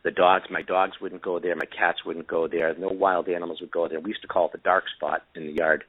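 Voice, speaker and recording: Low-voiced man on a tinny phone line. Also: flat delivery, brisk. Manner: rambling, many fillers and restarts. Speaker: guest inventor of camera glasses. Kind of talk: casual storytelling on a call-in show.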